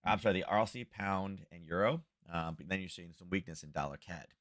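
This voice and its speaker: A man's voice: low voice, a little fast, fairly bright tone, no room sound, studio quality. A middle-aged man hosting a live trading show from home, giving casual market commentary in a chatty, rambling way full of fillers and restarts.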